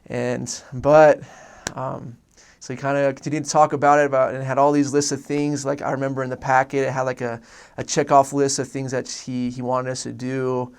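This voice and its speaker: Young guy from oregon telling his faith story, kinda rambly and earnest, gravelly voice. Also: medium pitch, flat delivery, moderate pace. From Oregon, USA. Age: young adult. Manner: earnest, rambling, many restarts and fillers. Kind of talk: casual personal testimony.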